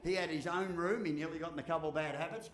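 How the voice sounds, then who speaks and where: Australian male motivational speaker, slightly high voice, blunt and jokey, echoey hall sound. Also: fast talker. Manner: blunt, jokey, lively delivery with mild swearing. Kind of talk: humorous keynote speech.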